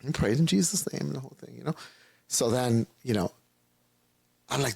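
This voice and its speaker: A man's voice: mid-range voice, normal speed, creaky, long pauses, darkish tone, breathy edge, no room sound. A man being interviewed as a guest, telling a personal testimony in a rambling, casual way and acting out the voices of people he quotes.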